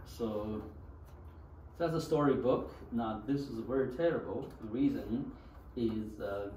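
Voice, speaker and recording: A man's voice: medium pitch, unhurried, mellow. A man teaching a beginner language class, talking loosely with many "okay"s and having students repeat after him. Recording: echoey classroom, distant mic, faint hiss.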